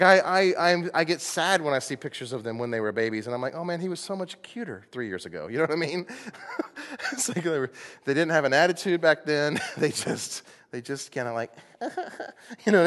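A man preaching a sermon as pastor, playful and animated, acting out little voices as he goes. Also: medium pitch. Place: church sanctuary. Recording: long hall reverb.

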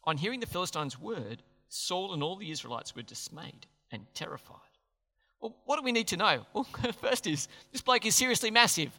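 A man's voice: high-pitched, big pitch swings, moderate pace, bright, forceful tone. A man preaching a sermon, chatty and jokey, often asking the crowd questions. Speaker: pastor. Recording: long hall reverb.

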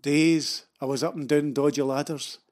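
A Scottish man tells a funny story from his own life in a dry, wry voice, poking fun at himself. His voice sits a little higher than most men's. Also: steady tone, moderate pace, a little mellow. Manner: dry, wry, self-mocking. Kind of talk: humorous storytelling narration.

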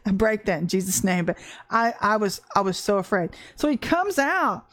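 A middle-aged woman giving a casual spoken sermon, an animated storyteller who laughs often and acts out quotes. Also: medium pitch, brisk, no echo. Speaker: Christian ministry teacher.

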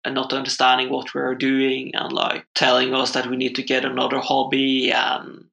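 Bright gravelly young man telling a story. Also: mid-range voice, monotone, moderate pace, lo-fi sound. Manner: rambling, full of "like" fillers. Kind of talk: casual chat.

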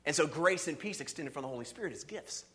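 Animated man preaching a sermon. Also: on the high side, fast. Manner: animated, conversational preaching with frequent "see" and "okay". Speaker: pastor.

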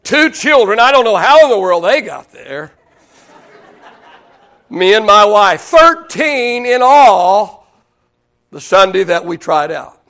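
A male pastor from Oklahoma telling a story in a sermon, animated and self-deprecating, often restarting his sentences. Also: high voice, takes it slowly, long pauses.

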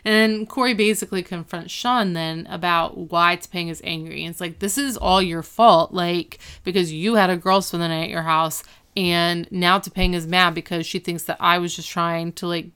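Woman recapping a sitcom episode, smooth clear voice, quoting lines, casual chat. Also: fairly low pitch, fairly even intonation, moderate pace, fairly bright tone. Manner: retells scenes with quoted lines and corrections.

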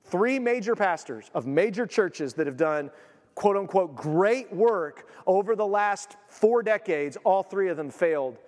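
A man preaching a sermon, emphatic, swinging from quiet to loud. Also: high voice, lively intonation, a little slow, big-room sound. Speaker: pastor.

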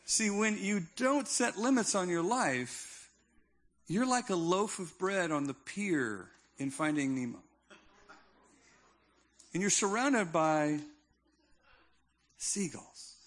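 A man's voice: high-pitched, animated, slow, pauses often, fairly bright tone. A male pastor preaching a sermon in a conversational, emphatic style with touches of humor.

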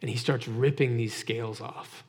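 A man preaching a sermon in a conversational style, speaking at a mid pitch. He asks his listeners direct rhetorical questions. His voice carries a long reverb, like a large hall. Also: fairly even intonation, normal speed, darkish tone. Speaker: pastor.

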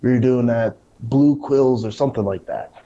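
Casual male wrestler, mellow dark voice, lively anecdote teller, muffled lo-fi audio. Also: medium pitch, moderate pace, slight background noise. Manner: animated storyteller, acts out quotes. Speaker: pro wrestler. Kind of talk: casual conversation.

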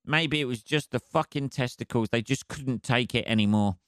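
A man's voice: medium pitch, moderate pace, smooth, no echo, studio quality. A man hosting a solo podcast, rambling casually with heavy swearing and laughing at his own jokes. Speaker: podcast host.

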